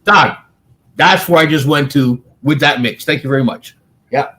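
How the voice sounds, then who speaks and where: A man's voice: fairly high pitch, moderate pace, fairly bright tone. A man co-hosting a casual radio show from the studio. He reminisces energetically and laughs often. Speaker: radio co-host.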